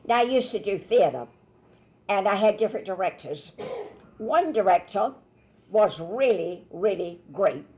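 Animated woman minister teaching scripture. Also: mid-range voice, a little slow. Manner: animated storytelling, acts out quoted voices. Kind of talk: Bible teaching sermon.

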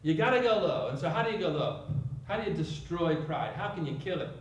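A man preaches with emphatic force, piling up rhetorical questions. His somewhat high voice comes from a distance, ringing through a very echoey room with a faint hum behind it. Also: expressive, fairly quick, lo-fi sound. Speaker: pastor. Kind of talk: sermon.

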